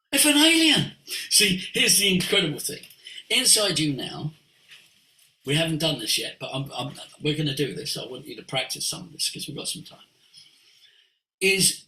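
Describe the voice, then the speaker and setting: Male voice coach, very bright and lively, preachy teaching talk, roomy video-call echo. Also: fairly high pitch, moderate pace, long pauses. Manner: animated and preachy, sweeping emphasis.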